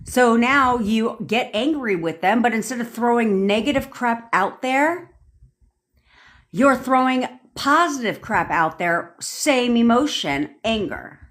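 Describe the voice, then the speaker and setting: A woman's voice: fairly high pitch, expressive, slow pace, fairly bright tone. A young woman coaching on a livestream, ranting bluntly with plenty of swearing and answering viewers' comments as they come in. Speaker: manifestation coach. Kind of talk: casual livestream rant. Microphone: phone or webcam on a livestream.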